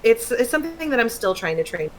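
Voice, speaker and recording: A woman's voice: fairly high pitch, very animated, quick pace, slight background noise, rough recording. A woman talking candidly in a casual chat, rambling and laughing often. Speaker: stream co-host.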